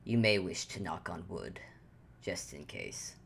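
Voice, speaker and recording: A woman voicing a stern, weary grown man who scolds in a low, quiet, proper way. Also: very animated, unhurried, vocal fry, slight background noise, full character voice. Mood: dry.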